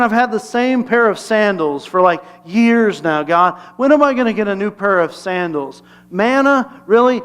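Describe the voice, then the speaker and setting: A man's voice: high-pitched, a bit bright, smooth. A man putting on a whiny, fed-up desert wanderer. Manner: complaining, exasperated, whining.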